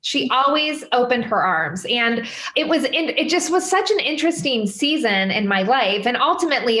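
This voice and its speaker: A woman in her forties telling personal stories as a podcast guest, animated, with lots of fillers and sudden high quoted voices. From Midwestern United States. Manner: animated, many fillers, jumps up in pitch quoting others. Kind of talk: candid conversational storytelling. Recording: roomy echo.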